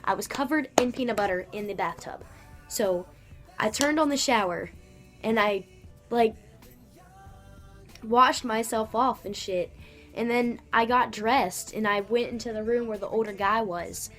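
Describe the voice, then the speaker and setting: Young woman, vlogger, casual storytelling, slangy, lots of fillers, higher voice. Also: measured pace, pauses often, fairly bright tone, soft background music.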